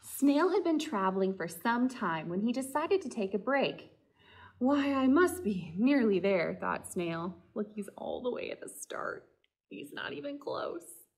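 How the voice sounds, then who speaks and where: A woman, a children's librarian, reading a picture book aloud and asking the children gentle questions. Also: a little high, sing-song, a little slow. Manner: gentle, talks directly to children. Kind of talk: storytime read-aloud.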